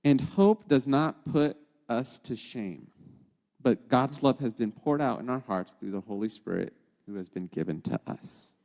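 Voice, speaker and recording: A podcast host and teacher delivers a chatty devotional teaching straight to his listeners, constantly checking in with quick questions like "okay?" and "right?". His middle-pitched voice is gravelly and darkish, trailing off into a long, lingering reverb as though he stood in a big open room.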